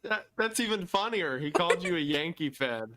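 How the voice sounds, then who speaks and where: A man's voice: a little high, lively intonation, moderate pace, bright, forceful tone. A young man co-hosting a casual livestream podcast, teasing his co-host with playful jabs.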